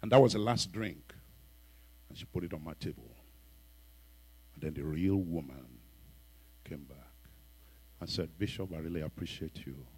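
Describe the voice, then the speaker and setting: Animated, husky male preacher. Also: extremely low pitch, unhurried, pauses often. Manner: animated, acting out voices in his story. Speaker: bishop and preacher. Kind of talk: sermon storytelling.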